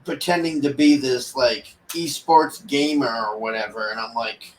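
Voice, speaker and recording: A man's voice: mid-range voice, a little slow, recorded from a distance, a little hiss or hum. A man rambling through a casual movie review, exasperated and sarcastic, mocking the characters as he talks. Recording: echoey room, voice off-mic.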